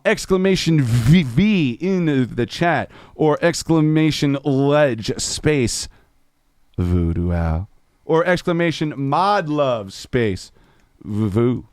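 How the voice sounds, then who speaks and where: A man's voice: medium pitch, dry recording, clean studio sound. A man chatting on a live stream between folk songs, laid-back, swearing casually and laughing at his own jokes.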